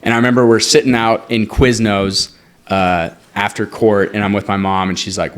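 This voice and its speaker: A young man with a somewhat low voice, talking as a podcast guest. He tells a long personal story in a loose, chatty way. He drops his voice to act out the people he quotes. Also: normal speed. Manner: animated, acts out quoted dialogue, frequent "like". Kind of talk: casual storytelling.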